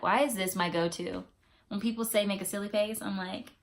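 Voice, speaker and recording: Expressive woman vlogger sharing faith encouragement. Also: medium pitch, a little fast, slight background noise. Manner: expressive, conversational, preacher-like emphasis. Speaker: YouTube vlogger. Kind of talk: encouraging faith-based vlog talk.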